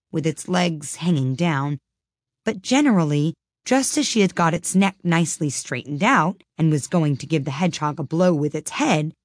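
A woman reading a storybook aloud in an expressive, lively way. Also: low voice, no echo, studio quality.

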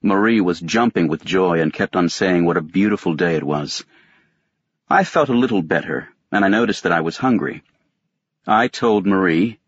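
A man reading a novel aloud as an audiobook narrator, in a measured, detached first-person telling. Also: low voice, breathy edge, dry recording, dull audio. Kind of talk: scripted narration.

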